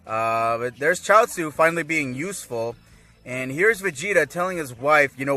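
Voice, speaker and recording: A man giving a casual, rambling recap of an anime episode, laughing often and acting out characters' lines in excited voices. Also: a little high, moderate pace. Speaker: anime reviewer.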